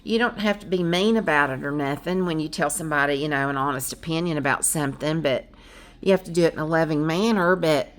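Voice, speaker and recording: Lady rambling on her vlog, kinda low voice, loud and brash, laughs a lot, lots of um and anyway. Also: quick pace. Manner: rambling, animated, frequent fillers. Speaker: vlogger. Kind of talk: casual chatty vlog.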